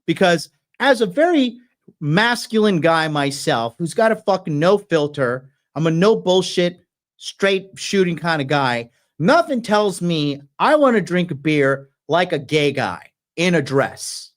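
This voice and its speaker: A man's voice: on the high side, very animated, a little slow. A man hosting a show, ranting aggressively with constant profanity. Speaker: podcast host. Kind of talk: ranting commentary.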